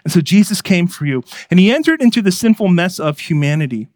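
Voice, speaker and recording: Male pastor, earnest sermon delivery, pitched a bit high, dry close-miked sound. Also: expressive, fast, no room sound. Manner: earnest preaching, swings from hushed to emphatic.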